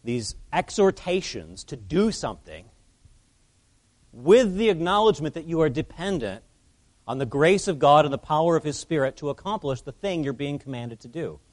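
A man's voice: on the high side, sing-song, moderate pace. A man preaching an expository sermon as pastor, earnest and emphatic, his voice rising and falling as he presses his points.

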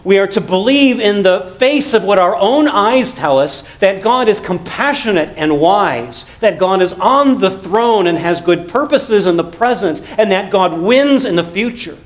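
A male pastor preaching an earnest sermon, rising to emphatic lines and dropping to quiet, low passages. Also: expressive, measured pace, hardly any pauses, low-quality recording. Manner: earnest preaching, swells loud then drops to quiet low tones.

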